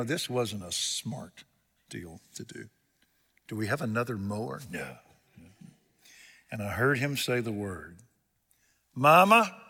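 A man's voice: on the low side, fairly bright tone, breathy edge. A man preaching a sermon, telling homespun stories with jokes in a folksy way. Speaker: pastor. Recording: long hall reverb.

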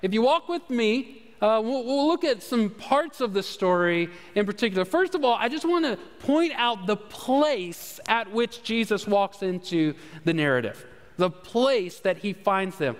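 A man's voice: high-pitched, animated, measured pace. A man giving a conversational sermon as pastor, with easy fillers and repeated words. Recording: long hall reverb.

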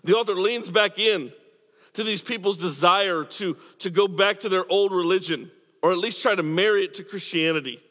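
A man's voice: sits high, normal speed, sharp tone, big-room sound. A man preaching a sermon as pastor, earnest and emphatic, repeating words as he drives points home. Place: church.

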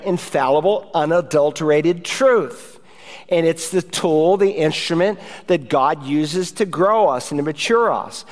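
A man's voice: a little high, long reverb tail. A male pastor delivering an urgent, emphatic sermon to his congregation.

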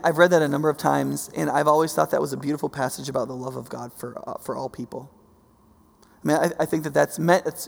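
A man preaching a sermon, animated, swinging from soft to loud and often repeating himself. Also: fairly high pitch. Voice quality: gravelly. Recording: long hall reverb.

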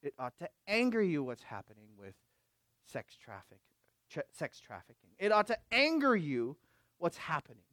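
High-voiced emphatic preaching man. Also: wildly swooping pitch, moderate pace, no echo. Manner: emphatic, swings from loud exhortation to quiet asides, asks the congregation questions. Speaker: pastor. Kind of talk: sermon.

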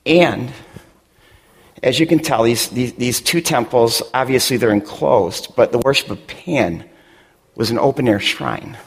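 A middle-aged man from West Michigan preaching a sermon with passion, his voice swelling toward near shouts. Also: mid-range voice, measured pace, slightly rough, in a large hall. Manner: impassioned, rising to near shouts. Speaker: pastor.

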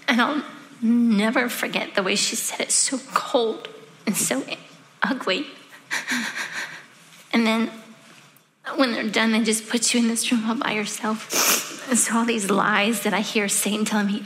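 A woman giving an emotional personal testimony as a podcast guest, halting and earnest, often sinking into a breathy near-whisper. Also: a little high, a bit bright. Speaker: guest sharing her testimony. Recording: long reverb with faint background noise.

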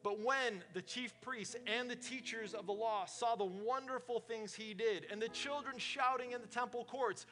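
A man's voice: very high voice, normal speed, hardly any pauses, bright, forceful tone. A man preaching a sermon in a casual, conversational way, full of fillers, in a church service held in a warehouse. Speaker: pastor.

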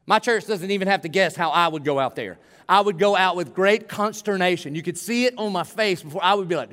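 A man in middle age delivers a sermon in a high, ringing voice. He moves between conversational asides and emphatic, pleading preaching. The church's long reverb trails behind each phrase. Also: animated, brisk, fairly bright tone. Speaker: pastor. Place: church sanctuary.

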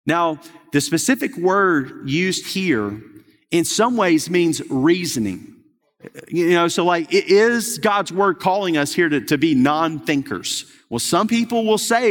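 A man's voice: fairly high pitch, unhurried. A middle-aged male pastor preaching a sermon in an earnest, conversational way, often restarting his sentences. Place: church sanctuary. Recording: long hall reverb.

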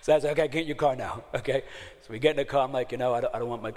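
A middle-aged man telling a personal testimony in a sermon, laughing at himself and then going hushed and prayerful. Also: mid-range voice, steady tone, very fast. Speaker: speaker sharing a testimony. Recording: long hall reverb.

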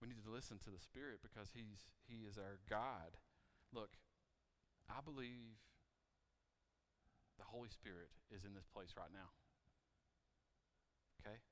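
A man preaching a sermon in a church, asking the congregation questions and moving between loud emphasis and quiet appeals. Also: on the low side, unhurried, pauses often. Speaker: pastor. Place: church sanctuary. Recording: reverberant church hall, mic cutting out.

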